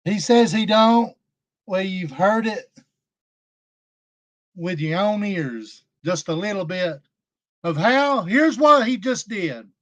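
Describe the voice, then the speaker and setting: Scornful man talking slowly in a high voice. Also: lively intonation. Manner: scornful, mocking. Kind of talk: livestream commentary.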